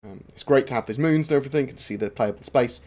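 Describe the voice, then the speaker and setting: A man chats through viewer questions on a gaming livestream, his voice sitting at an ordinary middle pitch. He talks in a loose, relaxed way, trailing off and filling gaps with lots of ums. The delivery is easygoing and conversational rather than scripted. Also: very fast. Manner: relaxed, rambling, frequent um fillers. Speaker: gaming channel host answering viewer questions. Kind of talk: casual livestream Q&A.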